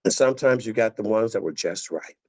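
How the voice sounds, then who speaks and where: A man preaching a sermon as a pastor in a conversational, animated way. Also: on the low side, fairly quick. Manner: conversational, animated, laughing asides. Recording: dull lo-fi dry recording.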